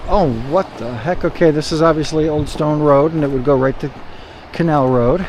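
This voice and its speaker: A casual hiking vlogger from Ohio, a man whose voice sits a little higher than usual, chats and rambles as he walks an outdoor river trail. He reacts out loud to what he sees, quick with surprised exclamations. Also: slight background noise. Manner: chatty, rambling, easily surprised. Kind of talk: casual outdoor vlog narration.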